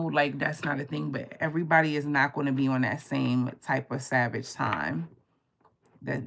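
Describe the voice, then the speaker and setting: Gravelly low-voiced woman tarot reader. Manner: animated storytelling, swears freely. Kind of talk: casual live-stream chat.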